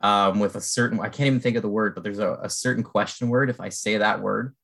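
A man's voice: on the low side, steady tone, fast, vocal fry, fairly bright tone. A man from Canada hosting a casual interview, friendly and rambling, often making fun of himself. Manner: friendly, rambling, self-deprecating.

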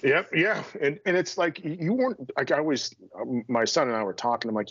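A man's voice: a little high, animated, fairly quick, fairly bright tone, breathy edge, no room sound, highs cut off. A middle-aged man, a strength coach, talking as a podcast guest in a blunt, direct, self-deprecating way. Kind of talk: casual interview chat.

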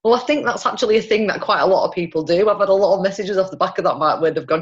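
A chatty woman with a Yorkshire twang talks easily in a relaxed conversation, breaking into laughs often. Her pitch sits in an ordinary middle range. The audio is dull and lo-fi. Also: rapid-fire. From Yorkshire, England. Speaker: guest, recruitment body representative. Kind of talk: casual conversation.

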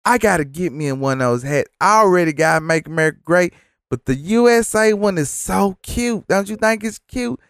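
A man voicing a starry-eyed middle-aged woman who works a fast-food counter, gushing in a breathless singsong. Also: high-pitched, expressive, fairly bright tone, no echo, clean studio sound, pitched above the performer's own voice.

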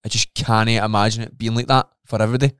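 Man, podcast co-host, lively sweary storyteller, dry close sound. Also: on the low side, fast talker, clear, resonant tone, no echo. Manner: animated storytelling, swears often, acts out his own reactions. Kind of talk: casual chat.

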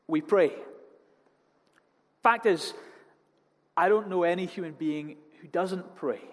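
A man preaches in a church hall, his voice slightly higher than most men's. His delivery is animated and jokey as he tells stories. A long reverb trails each phrase. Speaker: pastor. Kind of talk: sermon.

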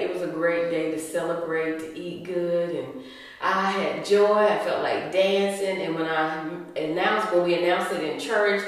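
A woman, a podcast guest telling her story with animated quotes and frequent laughter. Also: fairly low pitch, recorded from a distance. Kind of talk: storytelling interview chat. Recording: echoey room, voice from the mic.

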